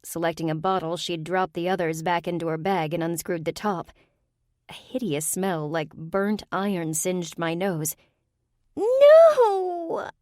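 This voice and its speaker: A woman narrates a first-person urban fantasy audiobook with wry, comic delivery. Her lowish voice keeps fairly even intonation at a moderate pace, recorded at studio quality with no room sound.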